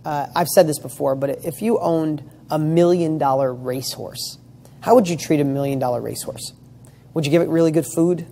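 A coach gives real estate students an emphatic motivational talk, firing rhetorical questions and casually swearing. His voice is on the high side, gravelly yet mellow, at a moderate pace, with slight background noise.

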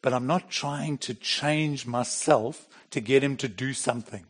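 A man's voice: mid-range voice, a little slow. A middle-aged man preaching a sermon in a plain, conversational way, with bursts of emphasis. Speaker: pastor.

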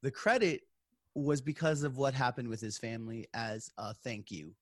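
A man's voice: medium pitch, moderate pace, dry recording, clean studio sound. A man in casual chat, opinionated and stammering at the start of his points.

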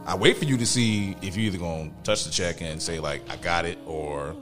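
A man's voice: deep voice, brisk, over music. A young man co-hosting a podcast in loose, joking casual chat, swearing freely. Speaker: podcast co-host.

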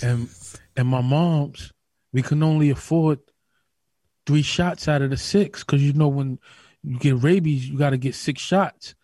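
High-voiced animated Queens man. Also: a little slow, no room sound. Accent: New York. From Queens, New York. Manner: animated, does loud voices for people in his stories. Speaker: podcast co-host. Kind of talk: casual storytelling chat.

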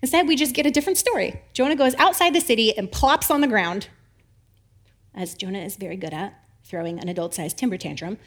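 A woman giving a casual, animated sermon, acting out the biblical figures. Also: mid-range voice, a little fast. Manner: chatty, animated, acts out voices of biblical figures with laughs. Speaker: preacher.

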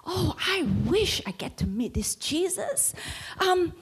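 A woman's voice: extremely high pitch, expressive, unhurried. A woman voicing a desperate blind male beggar who pleads and cries out in a breaking voice. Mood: longing.

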